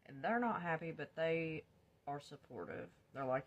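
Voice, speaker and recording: A woman's voice: low-pitched, expressive, normal speed, muffled recording. A woman vlogger telling her own life story in a blunt, confessional storytime, swearing freely. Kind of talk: candid storytime.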